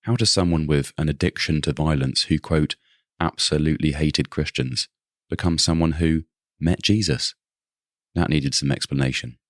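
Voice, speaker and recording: A man narrating as podcast host, asking measured questions in scripted narration. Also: extremely low pitch, steady tone, no room sound, clean studio sound. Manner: measured, posing questions to the listener.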